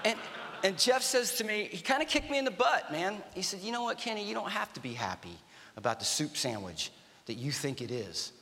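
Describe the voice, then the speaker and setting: High, bright-voiced man in an echoing church. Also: brisk. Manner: animated storytelling with acted-out dialogue. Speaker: guest speaker, army veteran. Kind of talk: motivational church talk. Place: church auditorium. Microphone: stage microphone. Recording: reverberant church hall.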